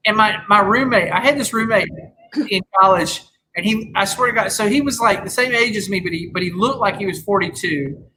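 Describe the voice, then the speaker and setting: A man's voice: high-pitched, a little fast, background noise. A man in his thirties chatting casually on a podcast, rambling with lots of restarts and swearing freely. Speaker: podcast host. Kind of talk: casual chat.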